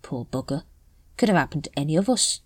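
A woman voicing a shifty, scruffy older male night watchman who mutters evasively in rough slang. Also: low voice, lively intonation, brisk, a little mellow, no echo, studio quality. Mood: grumbling.

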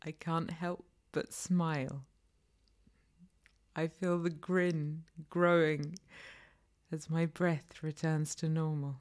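Low, slow, breathy woman storyteller. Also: fairly even intonation, a little mellow. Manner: slow, breathy, often half-whispered. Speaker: narrator. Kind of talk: intimate first-person erotic audio story.

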